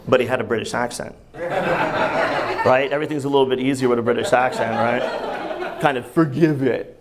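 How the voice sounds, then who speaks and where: A man's voice: medium pitch, moderate pace, a loud crowd. A man doing a stand-up comedy set on a club stage, profane and exasperated, delivering punchy bits. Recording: live club with audience laughter.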